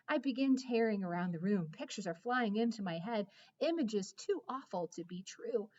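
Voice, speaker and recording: A woman narrating a children's story in the first person, expressive, with dramatic hushes and excited rises. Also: mid-range voice, highs cut off. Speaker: audiobook narrator.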